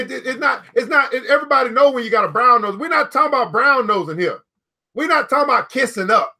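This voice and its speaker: High-voiced, bright-toned man hosting a book club. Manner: emphatic and playful, repeating key phrases. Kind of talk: reading aloud and riffing to a live audience.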